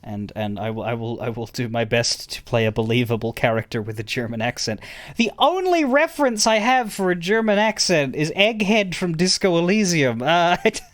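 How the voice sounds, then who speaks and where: A man's voice: fairly high pitch, expressive, moderate pace. A man streaming a game, chatting casually in a rambling way, stammering and chuckling as he talks to his chat.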